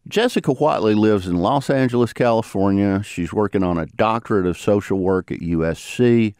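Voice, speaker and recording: A man hosting a podcast, narrating in a lively, conversational storytelling manner. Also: on the low side, normal speed, smooth, dry recording. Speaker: podcast host. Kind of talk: scripted narration.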